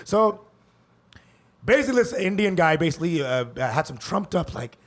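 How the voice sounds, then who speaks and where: A man's voice: on the high side, sing-song, moderate pace. A man co-hosting a comedy podcast, telling a story in a loose, profane way and laughing between lines. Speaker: podcast co-host. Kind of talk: casual comedic podcast chat.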